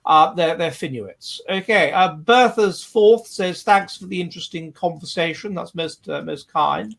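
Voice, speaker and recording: A man's voice: on the high side, a little slow, vocal fry, fairly bright tone. A man, hosting a livestream and reading out viewer comments in a rambling, digressive way. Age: 40s. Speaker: livestream host.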